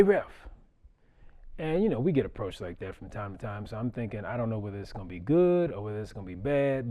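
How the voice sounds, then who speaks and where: Mellow-voiced middle-aged man telling a story. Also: mid-range voice. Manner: conversational, chuckling, repeats words when he restarts. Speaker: basketball referee giving a talk. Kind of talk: storytelling public talk.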